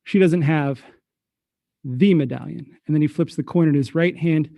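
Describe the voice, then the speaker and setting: A man narrating as game master for a tabletop game, relaxed and a little hesitant. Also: fairly high pitch, normal speed, gravelly, dry recording.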